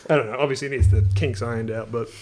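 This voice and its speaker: Give me a young man hosting a casual chat, rambling and animated, mid-range voice. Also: mid-range voice, very fast, a little hiss or hum. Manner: rambling, animated, many fillers. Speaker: channel host.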